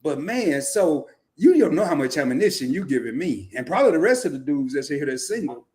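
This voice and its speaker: High, lively, excitable man co-host. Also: fairly quick. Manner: excitable, laughs a lot, exclaims often. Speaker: co-host of a live talk show. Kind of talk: casual livestream chat.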